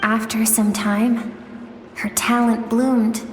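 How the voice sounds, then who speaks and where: A woman voicing a gentle female storyteller who recounts memories in slow, measured, wistful narration for a game cutscene. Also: fairly high pitch, level tone. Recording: echoey hall sound over game music. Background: music.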